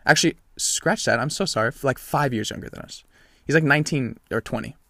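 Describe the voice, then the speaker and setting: A young man telling a story in casual, animated chat, swearing freely and acting out what people said. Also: medium pitch, fairly quick, vocal fry, no echo. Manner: animated, profane, reenacts dialogue.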